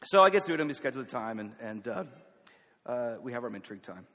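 Southern man, North Carolina roots, middle-pitched, telling a folksy story in a big reverberant hall. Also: animated, fast, fairly bright tone. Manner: folksy, self-deprecating, with laughs. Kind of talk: personal storytelling.

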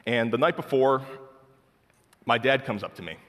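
A man's voice: medium pitch, lively intonation, normal speed, a bit bright, big-room sound. A young man sharing a personal faith testimony in casual, heartfelt storytelling full of filler words. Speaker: speaker sharing his testimony.

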